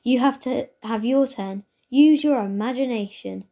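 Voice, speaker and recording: A woman's voice: on the high side, measured pace, mellow, voice pushed up. Bossy little know-it-all girl, read by a woman. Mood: coaxing. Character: bossy little girl, quick to correct others.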